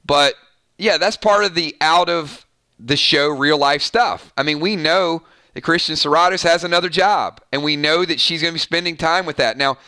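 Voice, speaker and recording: Excitable male stream host, slightly high voice, dry close sound, chats straight to viewers. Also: normal speed, clear, resonant tone, no room sound. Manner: excitable, laughs often, talks to viewers directly. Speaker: host of a TV review channel. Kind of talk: live-stream chat reading viewer comments.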